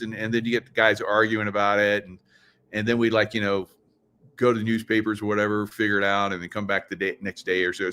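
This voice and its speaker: A man's voice: lowish voice, little pitch movement, quick pace, bright, forceful tone, slight background noise. A middle-aged man hosting a casual livestream monologue in a conspiratorial tone. He talks straight to his viewers, asks them questions and laughs at his own jokes. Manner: conspiratorial, joking asides, laughs at own lines. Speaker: show host.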